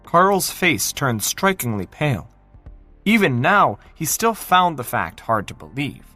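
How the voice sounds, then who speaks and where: A man narrating a fantasy novel in an expressive, dramatic reading style. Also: on the high side, measured pace, no echo, faint music behind. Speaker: audiobook narrator.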